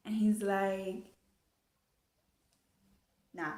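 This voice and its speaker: A young woman telling her story in a casual, animated way, full of fillers and swearing. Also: mid-range voice, slow pace, long pauses. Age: young adult. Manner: chatty, animated, swears freely, many fillers. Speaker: vlogger. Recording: echoey room.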